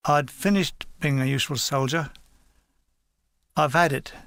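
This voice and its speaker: High-voiced gravelly man reading a memoir. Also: unhurried, fairly bright tone, no room sound, clean studio sound. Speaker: reader. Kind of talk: audiobook reading of a war memoir.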